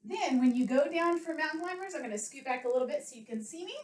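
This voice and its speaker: A woman's voice: high-pitched, expressive, fast talker, a little mellow. A woman, an elementary school PE coach, leading children through a home workout, counting reps aloud and explaining in simple words while a little out of breath. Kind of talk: home workout lesson for kids. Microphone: webcam from across the room. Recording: roomy webcam sound from a distance.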